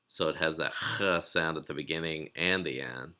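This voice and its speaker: A man teaching a recorded lesson, explaining patiently with frequent pauses and fillers. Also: rumbling low, pushed and bright, smooth. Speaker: biblical Hebrew teacher.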